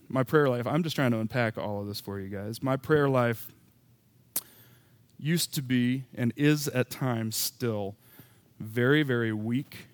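A man's voice: medium pitch, takes it slowly, pauses often. Candid man preaching a sermon. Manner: candid, self-deprecating preaching with rising emphatic bursts. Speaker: pastor.

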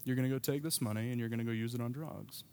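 A man preaches a sermon in an easy, storytelling way, breaking off now and then for quick asides. His voice sits at a middle pitch. He sounds like a pastor telling his congregation about his own life. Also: steady tone, darkish tone, clear, resonant tone.

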